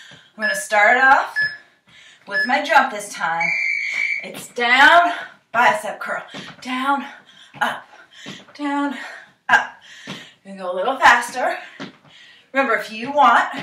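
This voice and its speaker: On the high side with a sharp tone, a young fitness instructor talks through a cardio workout as she does it herself, a little short of breath, urging people on and counting reps down. A camera mic far away in an echoey room picks up slight background noise.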